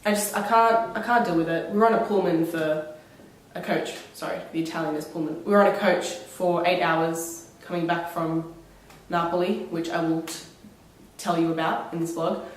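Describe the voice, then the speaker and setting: A woman's voice: fairly low pitch, fairly even intonation, moderate pace, slight background noise. A young woman vlogging at home while sick with a cold, coughing now and then, talking in a sarcastic, dramatic, rambling way. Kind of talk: casual vlog monologue. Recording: very echoey room, mic far off.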